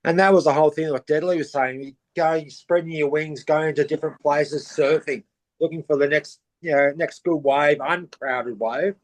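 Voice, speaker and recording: Lively Australian man telling surf stories. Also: fairly high pitch, moderate pace. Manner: animated, acts out quoted voices in his anecdotes. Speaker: podcast guest. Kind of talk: casual storytelling.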